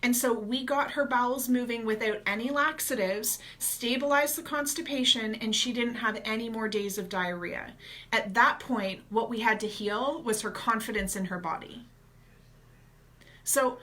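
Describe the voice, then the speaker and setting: A woman gut health coach giving casual, energetic advice straight to her viewers in a chatty vlog. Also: fairly high pitch, normal speed.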